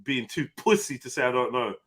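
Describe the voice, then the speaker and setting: Lively, bright-voiced man teasing friends. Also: medium pitch, brisk. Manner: loud, teasing, laughs often. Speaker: host. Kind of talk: casual group chat on a live stream.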